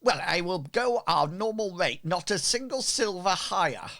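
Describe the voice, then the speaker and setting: A man's voice: high-pitched, very animated, moderate pace, creaky, bright, forceful tone, voice pushed up, heavily acted. A man voicing a haughty male merchant who takes offense easily and talks down to strangers. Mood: dismissive. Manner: indignant, sniffy.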